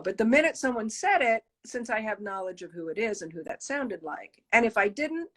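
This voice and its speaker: Talking animatedly in a casual interview, a woman puppeteer laughs often and acts out the voices she quotes. Her voice is a little high, expressive and a bit bright, moving briskly with few pauses.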